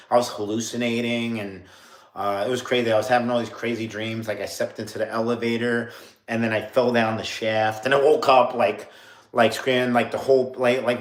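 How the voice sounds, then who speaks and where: A man in his late thirties from New York, telling a story on a casual livestream, rambling with lots of fillers and laughing at himself. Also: mid-range voice. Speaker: streamer. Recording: roomy echo.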